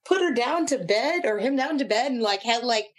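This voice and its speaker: A woman with a raised pitch joining a podcast as a guest. Her voice swings high and low as she gushes with excitement and giggles between thoughts. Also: normal speed. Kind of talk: casual chat.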